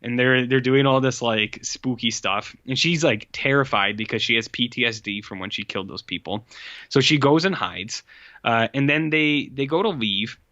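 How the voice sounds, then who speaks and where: A man with a mid-range voice co-hosts a podcast, casually rambling through a film recap peppered with "like" and "uh." He keeps a moderate pace, and his tone is bright and forceful. The audio has no room sound and lacks highs.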